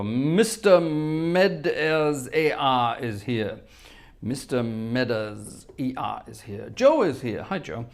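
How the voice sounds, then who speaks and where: A man hosting a live stream, casually greeting viewers one by one by name and humming while he scans the chat. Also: medium pitch. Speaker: host of a live-streamed organ music show.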